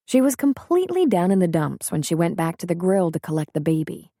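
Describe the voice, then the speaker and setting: With a fairly low pitch and an even, measured delivery, a woman narrates a story for an audiobook. It's studio quality, with no room sound at all.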